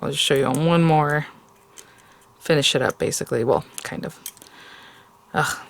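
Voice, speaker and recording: A woman's voice: low voice, normal speed, creaky, a little hiss or hum. A woman hosting a card-making tutorial, chatty and rambling, with many fillers and self-corrections. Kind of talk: casual crafting tutorial.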